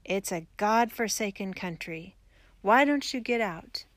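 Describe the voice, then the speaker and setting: A wealthy traveling man talks with a sharp, scornful edge, as a woman reads him. He sounds irritable and dismissive, and the voice is dry and close. It comes from a storybook reading. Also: mid-range voice, lively intonation, unhurried, no room sound, close to an everyday voice. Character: contemptuous rich eastern traveler, irritable man.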